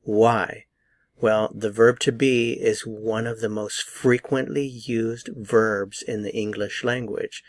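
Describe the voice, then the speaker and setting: Slow, patient American male pronunciation teacher. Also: fairly low pitch, little pitch movement, dry recording, studio quality. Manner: patient, repeats words slowly for practice. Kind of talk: slow, deliberate pronunciation lesson.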